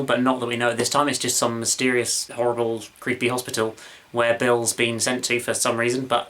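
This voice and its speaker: A man's voice: medium pitch, fairly bright tone. A man hosting his own video channel, reviewing a TV episode in a casual, gushing and enthusiastic way. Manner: enthusiastic, gushing, with many fillers and restarts.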